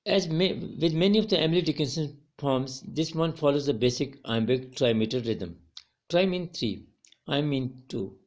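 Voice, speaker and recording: A man's voice: mid-range voice, moderate pace, hardly any pauses, darkish tone. A male college English teacher giving a recorded poetry lecture to students, often repeating and correcting his words as he explains.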